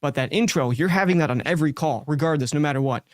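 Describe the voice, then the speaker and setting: A man's voice: fairly high pitch, quick pace, no room sound, clean studio sound. A man who hosts a show, giving direct, talkative live coaching feedback with many likes and restarts. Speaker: sales coach and show host.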